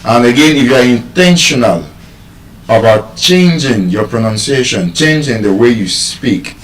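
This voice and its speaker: A man's voice: mid-range voice, unhurried, recorded from a distance. Nigerian male pronunciation tutor, questions the room, echoey and set back from the mic. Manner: animated, asks the audience questions. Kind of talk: live pronunciation class.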